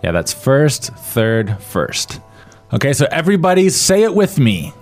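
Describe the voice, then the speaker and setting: Lively explaining podcast host man. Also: mid-range voice, a little slow, soft background music. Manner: friendly, explanatory. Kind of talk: language lesson podcast.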